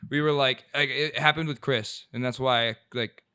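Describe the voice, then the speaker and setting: An earnest young man with a bright, forceful voice reflects on his friend group as a podcast co-host. He often acts out what his friends said. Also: mid-range voice, fairly even intonation, moderate pace, smooth. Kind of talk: casual chat.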